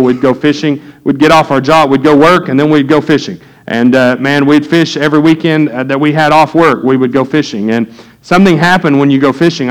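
Man, middle-aged, pastor, sermon in church, folksy storytelling, slightly high pitch. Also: low-quality recording. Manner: folksy storytelling, animated when quoting.

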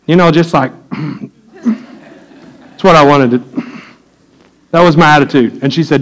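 A man preaching a sermon as pastor in a church, telling a story in low asides and rising into high, urgent preaching. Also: fairly quick, pauses often, poor audio. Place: church sanctuary.

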